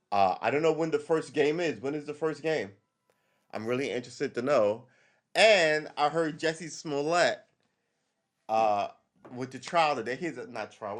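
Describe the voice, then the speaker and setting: A man hosting a live stream, rambling through casual commentary, correcting himself and reading the chat aloud. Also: mid-range voice.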